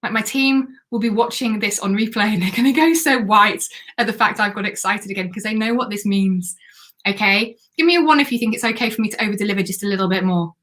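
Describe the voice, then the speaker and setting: A woman hosting a live stream as a business coach, chatty and excitable while pitching a program. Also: fast talker. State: has the hiccups.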